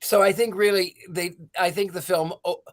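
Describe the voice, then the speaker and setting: Thoughtful panelist explaining at a mid pitch. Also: steady tone, normal speed. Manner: thoughtful, explaining, some restarts. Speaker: panelist on a film discussion stream. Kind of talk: casual chat.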